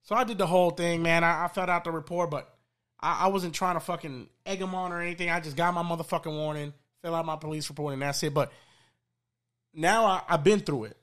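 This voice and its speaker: A man's voice: on the high side, fairly even intonation, quick pace, a bit bright. A man telling a profane story in casual chat on a podcast.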